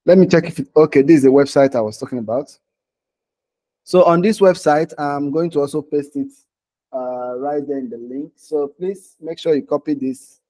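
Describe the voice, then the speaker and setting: Mellow-voiced man teaching design. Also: fairly high pitch, normal speed. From Nigeria. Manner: casual, talks while clicking through screens, frequent "okay?" and "right?" check-ins. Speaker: design instructor. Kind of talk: live online design tutorial.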